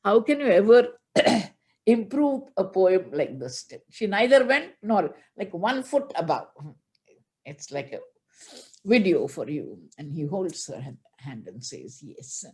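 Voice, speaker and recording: A woman's voice: mid-range voice, very animated, darkish tone. Woman teaching scripture. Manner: chants Sanskrit verses, then explains in measured storytelling. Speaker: spiritual teacher. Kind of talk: religious discourse.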